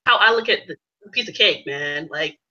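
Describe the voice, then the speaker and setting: A woman's voice: deep voice, normal speed, slight background noise. A woman streamer ranting animatedly in casual chat, gushing as a fan. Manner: animated, gushing fangirl rants. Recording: dull lo-fi stream audio.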